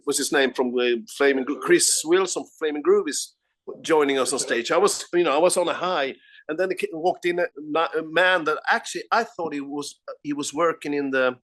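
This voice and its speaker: A Swedish man, a guest musician, telling animated anecdotes in a casual remote interview, restarting his sentences and laughing often. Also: fairly high pitch, fairly quick. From Sweden.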